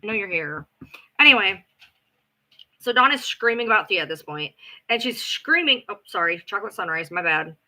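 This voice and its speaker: Animated, sarcastic middle-aged woman. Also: mid-range voice, normal speed. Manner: animated, profane, sarcastic gossip with acted-out quotes. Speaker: livestream host. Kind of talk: casual storytelling on a livestream.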